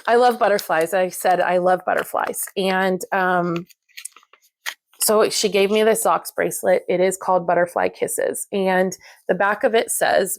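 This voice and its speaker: A woman craft vlogger chatting casually to camera while unboxing, gushing and excitable, with lots of fillers. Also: on the low side, a little slow, dry recording.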